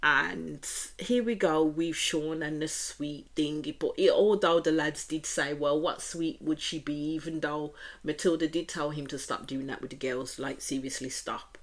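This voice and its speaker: A woman's voice: sits low, fairly even intonation, measured pace. A woman with a Birmingham accent giving a chatty, opinionated reaction review of a reality show, often repeating stock phrases.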